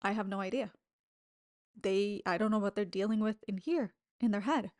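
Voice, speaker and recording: A woman's voice: medium pitch, moderate pace, darkish tone, no echo. A woman hosting her own podcast in a candid, chatty monologue, swearing freely and laughing between thoughts. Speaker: podcast host. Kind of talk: casual solo podcast monologue.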